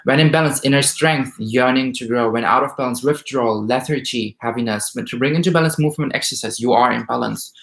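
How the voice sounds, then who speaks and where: A man gives a tarot reading, reading out card meanings and reacting with rising emotion and excitement. His voice sits at a middling pitch for a man. The room is roomy, so his voice echoes noticeably. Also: fairly quick, gravelly, hardly any pauses. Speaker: tarot reader. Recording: roomy echo.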